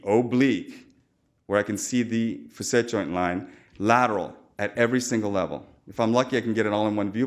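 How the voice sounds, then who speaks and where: A man lecturing as a surgeon at a medical conference, informal and chatty, with jokes and quoted asides. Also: on the low side. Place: lecture hall.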